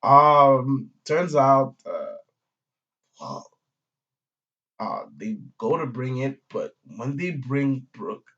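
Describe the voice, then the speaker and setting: Speaking extremely slowly with long pauses, this manga reviewer has a medium-pitched, expressive and fairly bright voice. He reviews a comic chapter in a loose, rambling style packed with slang, curses and fillers, and the audio-only recording sounds dull and lo-fi.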